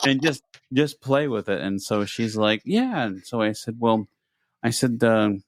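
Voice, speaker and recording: A man's voice: fairly low pitch, fairly even intonation, a little slow, slight background noise. A man co-hosting a podcast, telling a story in casual chat and acting out the people he quotes in a raised voice. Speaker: podcast co-host.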